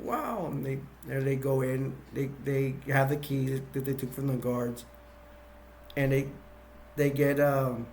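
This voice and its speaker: A man's voice: mid-range voice, a little mellow, a little hiss or hum. A man casually retelling a movie's plot in a rambling way, with many restarts and fillers. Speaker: movie reviewer.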